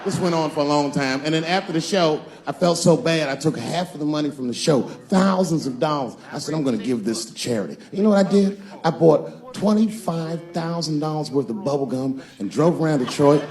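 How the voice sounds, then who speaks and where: Animated high-voiced male stand-up comic. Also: brisk, few pauses. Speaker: stand-up comedian. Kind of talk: stand-up comedy.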